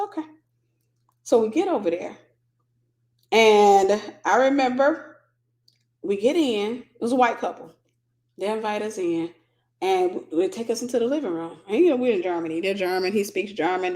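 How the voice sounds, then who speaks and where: Woman mentor, casual live storytelling, mid-pitched, chatty with asides. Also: a little mellow. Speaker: Christian mentor and online teacher.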